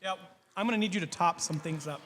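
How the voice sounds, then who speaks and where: A male pastor telling a casual anecdote, animated, laughing often and acting out the quotes. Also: high-pitched, fast, in a large hall.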